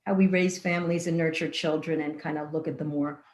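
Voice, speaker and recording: A woman guest in an interview who answers in a thoughtful, measured way and builds long lists of ideas. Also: low voice, fairly even intonation. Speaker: guest leader. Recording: echoey room.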